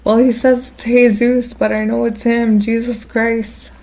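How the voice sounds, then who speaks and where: A woman voicing her rowdy, tipsy girlfriend calling from a party, excited and loud. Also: a little high, unhurried, voice pushed up, rough recording.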